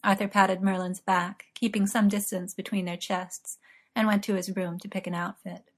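A woman reading fiction aloud, expressive and unhurried. Her voice sits at a middling pitch. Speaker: narrator.

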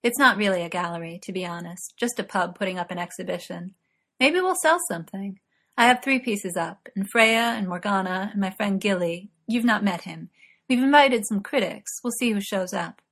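A woman reading aloud, voicing a cheerful, talkative young male artist in quick, eager chatter. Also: medium pitch, animated, fairly bright tone. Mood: chatty.

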